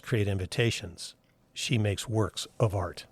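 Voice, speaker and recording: A man hosting a podcast, reading his lines in a measured way with a dry, wry humor. His voice sits at an ordinary middle pitch. It is recorded close up in a dead, dry space. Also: no echo. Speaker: podcast host. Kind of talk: scripted intro and interview.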